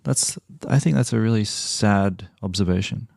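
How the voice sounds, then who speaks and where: A man hosting an interview podcast, reflecting on his guest's stories in a measured, thoughtful way. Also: fairly low pitch, gravelly, a little mellow, no room sound, studio quality. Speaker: podcast host. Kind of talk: conversational interview.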